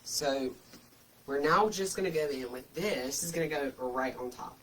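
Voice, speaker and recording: A man's voice: on the high side, moderate pace, a bit bright, far from the mic, poor audio. A man talks through a craft tutorial in a chatty, homespun way. He sits a little back from the microphone. A light hiss of background noise runs under his voice. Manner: chatty and folksy, full of homespun comparisons. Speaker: wreath-making host.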